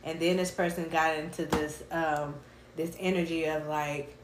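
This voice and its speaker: Slangy, animated woman reading tarot cards. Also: sits low, normal speed, reverberant, noisy background. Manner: animated, slangy, bursts of laughter and humming. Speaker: tarot reader.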